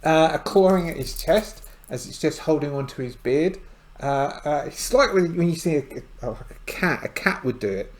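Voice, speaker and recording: A man's voice: fairly high pitch, animated, normal speed. A man narrating a solo tabletop game, rambling and hesitant with many fillers and side remarks.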